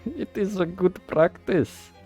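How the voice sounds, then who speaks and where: A man's voice: high voice, lively intonation, slow, a little mellow, slightly rough, faint music behind, pitched above the performer's own voice, full character voice. A man voicing a pair of pompous goblin gang thugs who speak in broken, jumbled word order. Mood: proud.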